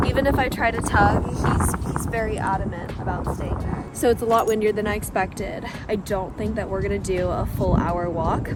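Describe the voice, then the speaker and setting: A woman's voice: mid-range voice, heavy background noise. A young woman chatting casually and playfully through her vlog, from home and then outside on errands. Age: young adult. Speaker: vlogger.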